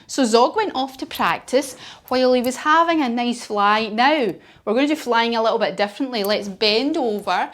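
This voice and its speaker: A woman's voice: fairly high pitch, animated, moderate pace, fairly bright tone. Encouraging woman leading kids yoga. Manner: encouraging, playful, leading movements. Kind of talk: storytelling kids yoga class.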